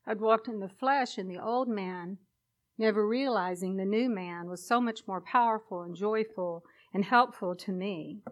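A woman delivers a sermon in a deliberate, unhurried way. She tells her own story with deep emotion and strong emphasis on key words. Her pitch sits in a middle range. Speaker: preacher. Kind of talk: sermon with personal testimony.

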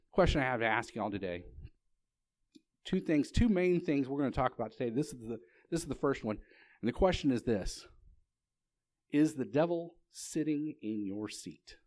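A man delivering a sermon to a congregation in a loose, conversational manner. He mixes scripture reading with easygoing storytelling, and his voice sits at a middling pitch. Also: sing-song, moderate pace, pauses often, a little mellow, no room sound. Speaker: pastor.

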